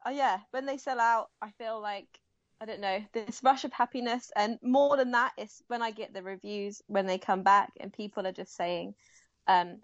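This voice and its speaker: This young woman, an embroidery artist, is a giggly, warm interview guest whose casual talk is packed with fillers and false starts. She speaks at normal speed in a mid-range voice, recorded dry on a dull home mic with no echo.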